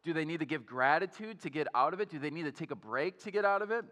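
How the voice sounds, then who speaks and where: A young pastor with a fairly high, bright and forceful voice preaches in a church auditorium. His delivery is energetic and chatty, full of fillers and questions to the crowd. The sound carries a long reverb from the hall. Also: fast. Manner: energetic and conversational, with many fillers and questions to the audience. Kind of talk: sermon.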